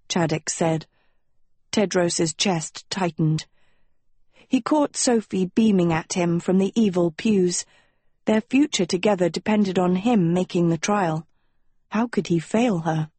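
A woman narrating a storybook in a measured, even way. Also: fairly low pitch, breathy edge, no echo. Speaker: audiobook narrator. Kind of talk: scripted narration.

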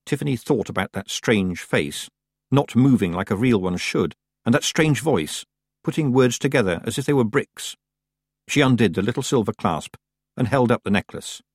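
A man reads a fantasy story aloud with expressive storytelling. His voice is husky and moves through a lively pitch range. The sound is dry and close. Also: moderate pace, dry recording. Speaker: audiobook narrator. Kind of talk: scripted narration.

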